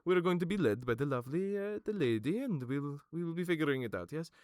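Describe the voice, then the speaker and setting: A man voicing a slow, mild old king who speaks politely and soothingly. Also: a little high, expressive, a little mellow, no echo, clean studio sound, close to an everyday voice.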